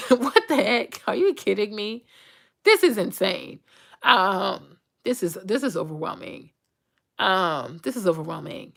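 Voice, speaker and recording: A young adult woman hosting her own show, ranting to viewers in a blunt, profane, animated way. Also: mid-range voice, measured pace, vocal fry. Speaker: host. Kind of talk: uncensored casual rant to viewers.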